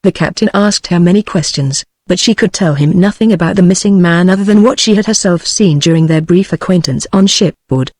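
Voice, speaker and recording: A text-to-speech woman's voice with a British accent, reading a novel aloud in a steady, even way. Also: on the low side, a little fast, hardly any pauses, no echo. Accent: British English. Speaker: audiobook narrator.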